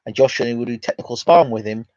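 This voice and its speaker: A host casually retells a conversation, rambling along and piling up "he said, I said" as he goes. His mid-range voice is fast and darkish in tone. The recording is dull, lo-fi, and dry, with no echo.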